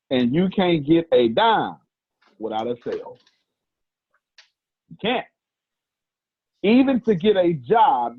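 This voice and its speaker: A man's voice: on the high side, husky, no room sound. A man giving a fiery, preachy motivational talk on sales and money, emphatic with big swings in his voice. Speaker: business speaker. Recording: tinny phone-like audio.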